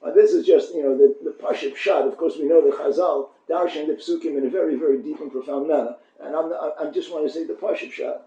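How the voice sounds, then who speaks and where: A man teaching a Torah class, animated and storytelling, often restarting his phrases. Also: fairly high pitch, fast talker, hardly any pauses. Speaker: rabbi giving a Torah class. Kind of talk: Torah lecture. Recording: echoey room, dull lo-fi sound.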